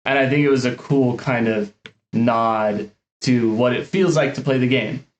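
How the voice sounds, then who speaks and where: Male podcast co-host, relaxed recap delivery, reverberant room sound. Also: medium pitch, measured pace, highs cut off. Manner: easygoing, recaps scenes with fillers. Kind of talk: casual podcast chat.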